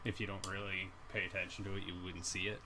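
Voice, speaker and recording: A man guesting on a podcast, speaking low-key and casually about comics lore, often repeating words as he goes. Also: flat delivery, fast, pushed and bright, low-quality recording. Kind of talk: casual movie-review chat. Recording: noticeable background noise.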